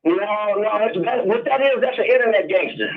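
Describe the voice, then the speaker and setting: A man's voice: sits high, moderate pace, narrow, tinny audio. A man calling in by phone to a talk show, blunt and profane, repeating the same points over and over. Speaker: caller. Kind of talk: heated call-in conversation.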